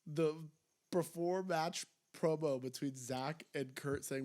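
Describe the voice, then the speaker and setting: A young man co-hosting a casual wrestling podcast, excitable, his voice jumping up when he retells funny moments. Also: on the high side, takes it slowly. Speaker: podcast co-host. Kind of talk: casual chat.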